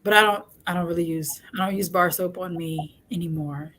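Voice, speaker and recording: A woman's voice: lowish voice, steady tone, a little fast, fairly bright tone. A young adult woman hosting a casual chat, talking frankly and joking, often laughing. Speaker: host.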